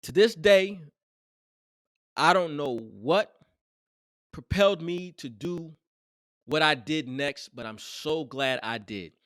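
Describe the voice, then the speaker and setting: A man telling a heated workplace story in a casual, animated and profane way, emphatic and expressive. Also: fairly high pitch, slow pace, long pauses, no echo, studio quality.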